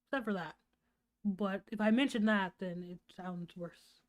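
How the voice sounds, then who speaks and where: A woman's voice: mid-range voice, normal speed, lo-fi sound. A woman streamer reacting to a video with sarcastic, mocking commentary.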